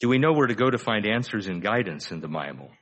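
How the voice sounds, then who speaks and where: A man's voice: fairly low pitch, lively intonation, quick pace. An older man delivering a sermon in an easygoing, conversational way. He poses frequent rhetorical questions and stretches out key phrases for emphasis. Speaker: pastor.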